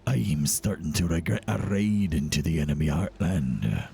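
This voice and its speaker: A man putting on the voice of a proud, stubborn pirate captain, drawing his words out low and slow. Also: vocal fry, mellow, slight background noise. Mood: brooding.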